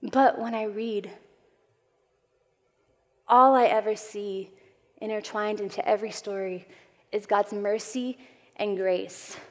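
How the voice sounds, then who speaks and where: A woman preaches a Bible lesson to a gathering of women, her voice sitting in an ordinary middle register. She talks earnestly and expressively, pushing some phrases out with force and pulling others down low. A long reverb trails each phrase, as in a large hall. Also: slow pace, long pauses. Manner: earnest, expressive preaching with emphatic swells and soft drops. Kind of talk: sermon.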